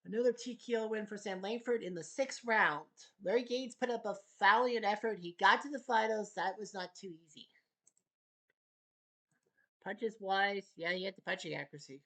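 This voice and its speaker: A man's voice: high voice, moderate pace, fairly bright tone. Casual male boxing recap host. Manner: offhand, chatty asides between results.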